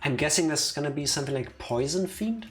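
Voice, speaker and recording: A woman's voice: low voice, expressive, a little fast. A woman from New Jersey co-hosting a live game stream with dry, teasing banter. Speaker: streamer co-host. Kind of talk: casual live-stream chat.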